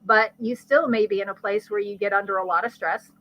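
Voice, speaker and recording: A woman, a guest expert, explaining brain science in conversation with a lively teaching manner and vivid everyday examples. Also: medium pitch, brisk, dull audio. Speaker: guest expert on ADHD and learning.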